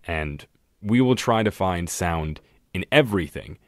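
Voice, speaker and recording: A man's voice: low voice, lively intonation, unhurried, no room sound, clean studio sound. A man co-hosting a podcast in casual chat, laid-back and joking, with frequent hesitations. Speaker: podcast co-host.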